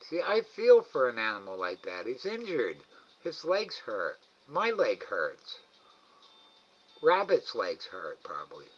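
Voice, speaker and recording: Man, live-stream host, coaxing sing-song voice, slow unhurried talk, dull lo-fi recording. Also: medium pitch, huge pitch swings, breathy edge. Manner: coaxes an animal in a raised sing-song voice, then mutters to himself. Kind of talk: casual live-stream commentary. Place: indoors at a window at night.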